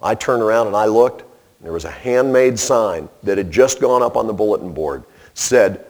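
A man preaching in a storytelling style, animated and self-deprecating. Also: on the low side, moderate pace. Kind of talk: storytelling sermon.

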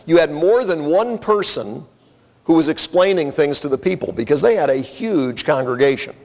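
A man's voice: fairly high pitch, expressive, moderate pace, darkish tone. Preaching man in a reverberant hall. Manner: earnest, conversational preaching with personal stories. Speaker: pastor. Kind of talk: sermon. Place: church sanctuary. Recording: long reverb of a large hall.

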